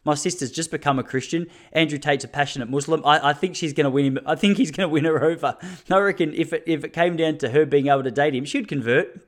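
A man's voice: on the high side, quick pace. An Australian man in his thirties hosting a solo podcast, talking intensely and laughing between his points. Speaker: podcast host. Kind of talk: casual solo podcast monologue.

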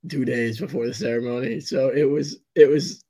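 A hoarse young man co-hosting a casual sports podcast, rambling and laughing often. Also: medium pitch, moderate pace, mellow. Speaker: podcast co-host.

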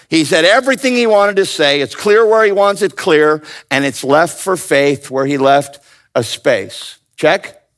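Man, playful bible teaching, somewhat high voice. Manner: animated, playful, calls out to the audience. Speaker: pastor.

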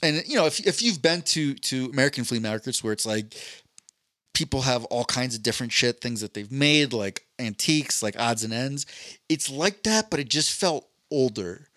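A man of ordinary pitch, neither high nor low, spins a meandering story on a podcast, loose and casual with the odd curse word. His voice comes across close and dry, with no room around it. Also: lively intonation, normal speed, fairly bright tone, no room sound. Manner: rambling anecdotal storytelling with profanity. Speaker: podcast co-host. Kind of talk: casual chat.

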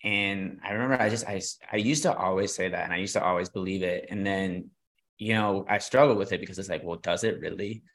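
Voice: low voice, fairly quick. A podcast co-host speaking thoughtfully and encouragingly, repeating words as they go. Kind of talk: casual faith podcast chat.

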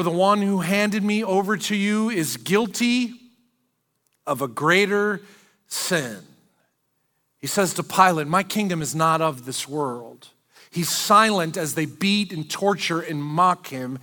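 A man preaching a sermon as pastor, animated and acting out the quoted lines of the figures in the story. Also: high voice, long reverb tail. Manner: animated, acts out quoted speech.

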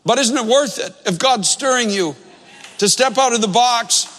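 Pastor, male, high voice, earnest storyteller, echoing sanctuary. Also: normal speed, fairly bright tone. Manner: earnest storytelling, repeats phrases for emphasis. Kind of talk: sermon with storytelling.

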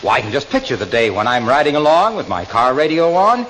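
An actor playing a cheery male announcer who slips into polished commercial pitches in a 1940s radio comedy. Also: sing-song, fast, a bit bright. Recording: noisy 1940s radio broadcast.

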